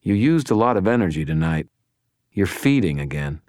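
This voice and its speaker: A man's voice: low voice, sing-song, moderate pace, darkish tone, no room sound, clean studio sound. A man voicing a wry, blunt young male wizard who presses his questions sardonically. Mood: wry, pressing.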